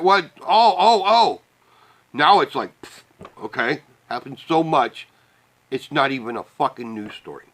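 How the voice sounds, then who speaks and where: A Midwest vlogger rants furiously on camera, swearing and laughing bitterly. The voice is on the high side and a bit bright.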